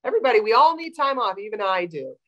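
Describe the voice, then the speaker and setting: A woman's voice: a little high, big pitch swings, fast, lo-fi sound. A woman veterinarian answering audience questions on a video call, explaining with many fillers. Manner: warm, explanatory, with frequent fillers.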